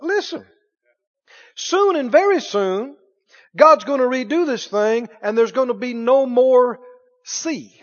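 A preacher with a strikingly high voice delivers a folksy sermon. He swings from quiet, low-key lines to loud, excited exclamations. The recording sounds dull and lo-fi. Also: measured pace.

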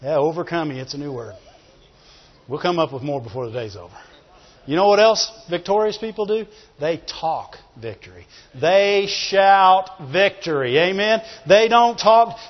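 A man preaching a sermon, calling for amens and often breaking into shouts. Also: a little high, lively intonation, moderate pace. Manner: call-and-response, often shouting. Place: church. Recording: reverberant church hall, dull lo-fi sound.

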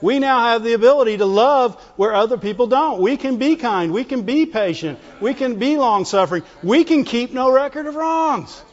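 Fervent preacher, high male voice, long echo in a big hall, call-and-response delivery. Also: lively intonation, normal speed, hardly any pauses. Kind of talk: sermon. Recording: dull lo-fi sound with long hall reverb.

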